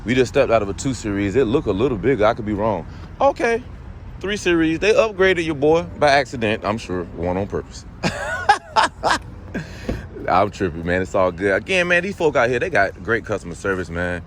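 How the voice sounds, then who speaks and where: At a car dealership's service area and later in a car, a man vlogs casually to his viewers, drawling and adding "man" to nearly every phrase. He swings between low mutters and excited high exclaims at a moderate pace, with a little hiss or hum in the audio.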